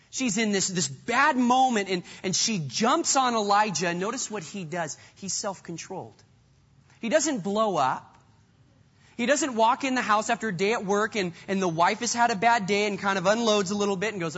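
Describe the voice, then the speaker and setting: A man's voice: high-pitched, lively intonation, moderate pace, fairly bright tone, breathy edge, in a large hall, dull audio. A man preaching a sermon with an earnest style, often repeating words as he goes. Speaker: pastor.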